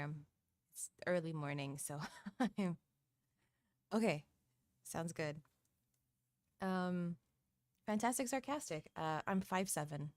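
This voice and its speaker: A young woman with a fairly low voice chats casually to her viewers while she draws on a live stream. She talks in a hesitant, friendly ramble full of ums and quick laughs. Her desk mic gives a dry, close sound with no room echo. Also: animated, a little mellow. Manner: chatty and hesitant, many ums, laughs often. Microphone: desk microphone.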